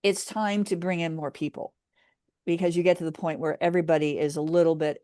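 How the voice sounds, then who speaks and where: Low-voiced woman coach telling client stories. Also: fairly even intonation, fairly quick, dark tone, no room sound, studio quality. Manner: storytelling, acting out a client's words, many restarts. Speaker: business coach. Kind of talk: casual chat.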